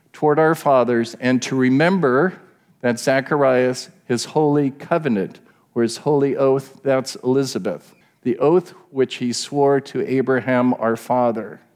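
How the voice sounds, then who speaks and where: A man's voice: medium pitch, unhurried, darkish tone. Middle-aged man preaching a sermon. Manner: explanatory, asks the listeners questions.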